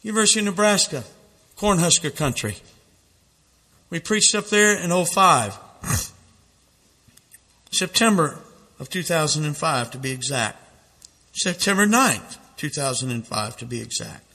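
Male preacher with a high, piercing voice, fiery sermon delivery, long echoing reverb. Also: expressive, measured pace, pauses often, bright, forceful tone. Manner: dramatic, reads quotes aloud with rising intensity. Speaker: street preacher.

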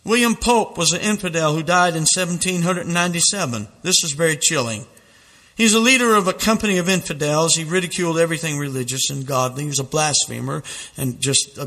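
Fiery preacher guy, bright sharp voice, dramatic, lots of reverb. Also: fairly high pitch. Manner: dramatic, reads quotes aloud with rising intensity. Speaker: street preacher. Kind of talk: fiery sermon.

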